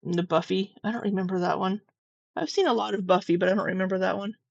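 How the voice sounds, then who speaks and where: A woman's voice: medium pitch, fairly even intonation, fast talker, vocal fry, no room sound. A middle-aged woman doing casual reaction commentary, teasing, sarcastic and freely profane. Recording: dull, dry, slightly lo-fi sound.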